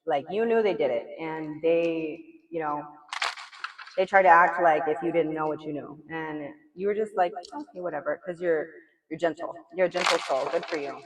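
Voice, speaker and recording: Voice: medium pitch, moderate pace, slight background noise. A tarot reader doing a casual reading in a blunt, chatty way, swearing now and then and filling the talk with "like" and "you know". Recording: echoey room, mic far off.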